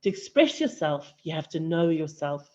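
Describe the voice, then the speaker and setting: A woman presenting on arts education at a conference, explaining in a measured way. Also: low-pitched, very animated, a little mellow. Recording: slightly dull, lo-fi audio.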